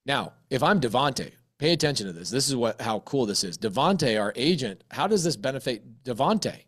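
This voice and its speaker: A man recounts a real estate deal in loose, casual storytelling. He is animated and blunt, and now and then swears for emphasis. He acts out both sides of the conversation in a mid-pitched voice. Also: normal speed, hardly any pauses, slightly rough.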